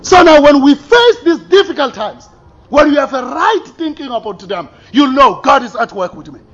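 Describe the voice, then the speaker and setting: A man preaching a sermon, animated, swinging between loud exclamations and quiet asides with frequent laughs. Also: very high voice, normal speed. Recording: slightly dull recording with faint room ambience.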